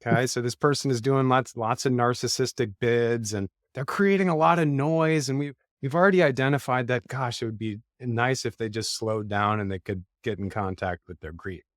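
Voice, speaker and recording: A man hosts a podcast interview, his voice sitting mid-range for a man. He builds a clinical example step by step in a measured, methodical way. The recording is dry and close. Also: medium pitch, steady tone, dry recording. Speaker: podcast host.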